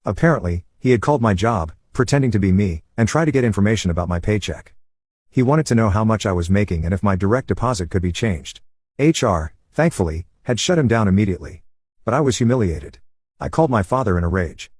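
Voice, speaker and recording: A man narrating a first-person story in an even, steady voice over gameplay. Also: fairly low pitch, fast talker, no room sound, studio quality.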